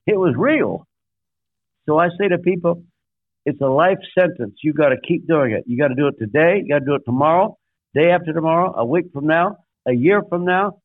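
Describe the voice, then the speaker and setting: An older man speaks as a guest pastor, in an emphatic sermon-like storytelling voice that sits fairly high for a man. He counts off his points and acts out quotes. The sound is dry and thin, like a phone line. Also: fairly quick, no echo.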